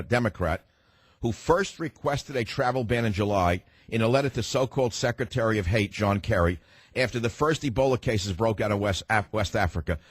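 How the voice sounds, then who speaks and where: A combative man hosts talk radio, hammering his points home with emphatic force. His voice sits at an ordinary pitch, and the studio sound is dry and close with no room echo. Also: husky. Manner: combative and emphatic, cuts off callers.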